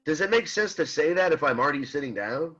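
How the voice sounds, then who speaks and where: A man teaching an online philosophy class, talking in halting restarts and often checking in with "right?". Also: fairly high pitch, animated, fairly bright tone, lo-fi sound. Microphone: computer mic on a video call.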